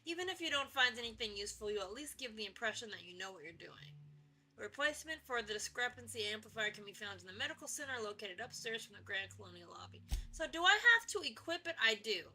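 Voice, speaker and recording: A goofy woman streamer giving playful game commentary, high and very bright with a husky edge. Her voice leaps around a lot, and she keeps dropping to a whisper and then shouting out. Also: big pitch swings, fast talker. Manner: goofy, theatrical, drops to whispers and jumps to shouts.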